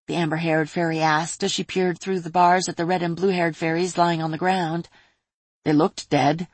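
A woman reads fantasy narration in a steady, even manner. Her voice is low with a husky grain, recorded close on a mic in a dry space. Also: normal speed, no room sound. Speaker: audiobook narrator.

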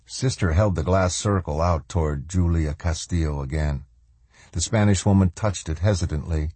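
A man narrating a novel as an audiobook reader in an even, measured way. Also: sits low, husky, no room sound. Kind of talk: scripted narration.

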